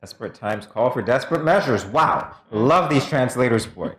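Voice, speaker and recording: A man's voice: medium pitch, animated, moderate pace, a bit bright. A man co-hosting a morning show, chatting wryly and reading out meanings of sayings. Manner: dry, wry, reads out meanings. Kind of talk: casual studio chat.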